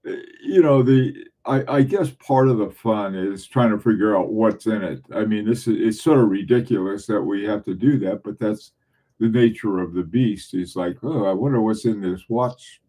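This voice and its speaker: A middle-aged livestream host from southern New England chats casually with his viewers, rambling along with frequent restarts and chuckles. His voice is lowish and mellow, at a moderate pace.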